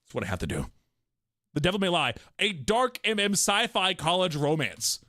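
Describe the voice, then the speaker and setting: A man streaming a game, reading and reacting aloud in a jokey way, quick to laugh. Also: high-pitched, huge pitch swings, sharp tone, no room sound.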